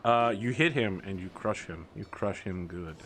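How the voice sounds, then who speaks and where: A man's voice: low-pitched, a bit bright, faint music behind. A man narrating as game master in a casual tabletop game, explaining rules and describing actions with frequent fillers. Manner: describes actions in quick, halting bursts with fillers.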